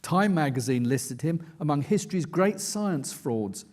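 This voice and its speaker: A man reads aloud from his own book to a conference audience. His voice sits a touch higher than most men's, and his delivery is measured and dry, like a storyteller setting a scene. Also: lively intonation, darkish tone. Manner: measured, dry storytelling read with quoted asides. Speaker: investigative journalist, author. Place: conference stage.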